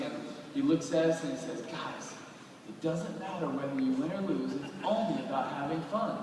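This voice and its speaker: A man in his twenties from Florida, telling lively stories to a live audience and acting out the quotes. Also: mid-range voice. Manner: animated storyteller acting out quotes. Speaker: guest speaker. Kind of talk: storytelling talk to a live audience. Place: large hall with audience. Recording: roomy hall recording from far off, noisy.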